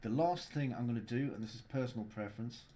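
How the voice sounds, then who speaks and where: A man hosting a casual livestream tutorial as a game developer. He walks through his software in a playful, jokey way. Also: medium pitch, fast talker.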